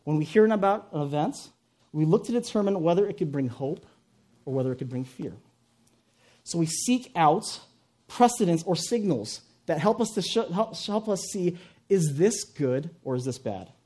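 Guy preaching a sermon, wry and chatty, voice bouncing all over, mellow tone. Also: high-pitched. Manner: conversational, wry preaching with asides and joke-telling. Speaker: pastor.

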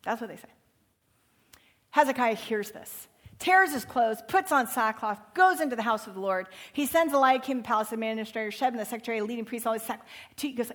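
A woman's voice: a little high, a little fast, a bit bright. A woman teaching from the Bible, reading passages dramatically and retelling them with casual asides.

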